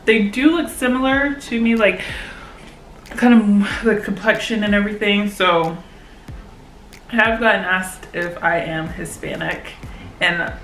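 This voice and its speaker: Brief: young woman vlogger, unhurried giggly chat, roomy echoey room. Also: mid-range voice, fairly bright tone, soft background music. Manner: giggly, chatty, lots of fillers. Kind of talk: casual vlog chat. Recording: roomy echo.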